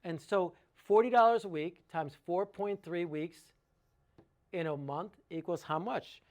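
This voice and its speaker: A man's voice: sits high, unhurried, darkish tone. A man giving an informal sales talk about water treatment, working through sums aloud with enthusiasm and rhetorical questions.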